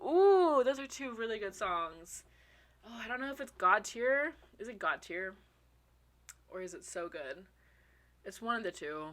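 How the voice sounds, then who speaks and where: A young woman chatting casually to her viewers, excitable, swearing freely and laughing often. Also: medium pitch. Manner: talks to her viewers as y'all. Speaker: vlogger. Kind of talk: casual chat.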